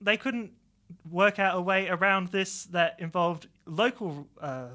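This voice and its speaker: A young man co-hosting a casual radio chat, chiming in with agreeing remarks. His voice sits high and sounds bright and forceful. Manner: chatty, backs up his co-host with quick remarks. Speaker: student radio co-host.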